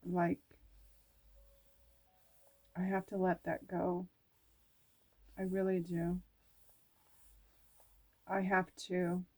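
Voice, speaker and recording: Extremely slow and completely flat, a low, darkish female voice pauses often while reading oracle cards and personal journal notes aloud. Her reflection is emotional and musing, now and then including casual swearing.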